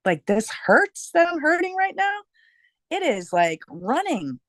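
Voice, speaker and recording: A woman sharing something personal in a group discussion, halting and full of "like" as she talks it through. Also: high-pitched, big pitch swings, dry recording. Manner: halting, heavy on "like", emotionally open.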